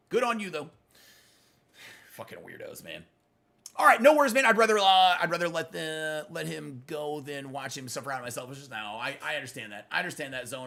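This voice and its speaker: On his live gaming stream, a middle-aged man talks with viewers he addresses as brother, swearing bluntly whenever he responds to trolls. Close to the microphone, his medium-pitched voice sounds pushed and bright, with vocal fry.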